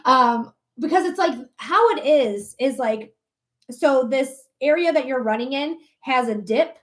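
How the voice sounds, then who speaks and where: A woman in her thirties with a high voice gives a live tarot reading to her viewers. She talks in a chatty, animated way, laughs often and swears casually. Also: unhurried. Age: 30s. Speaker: tarot reader.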